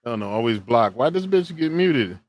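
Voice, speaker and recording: Lively storytelling man, dry mic. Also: mid-range voice, a little fast, dry recording. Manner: animated storytelling, slangy. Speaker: co-host reacting to videos. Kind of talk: casual profane chat.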